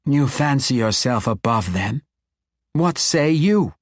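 Purring six-armed snake demon lady, a guy putting her on, mocking and slow, pitched up, dry close sound. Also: expressive, no echo. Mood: purring tease. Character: huge six-armed female snake demon, teasing, predatory. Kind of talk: audiobook character voice.

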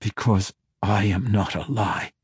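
A man's voice: lowish voice, big pitch swings, slow pace, slightly rough, no echo, clean studio sound, voice pushed up, exaggerated voice. A man reading a fantasy audiobook, voicing a tortured male elf hero who answers with strained defiance. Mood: defiant. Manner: strained, defiant, through gritted teeth.

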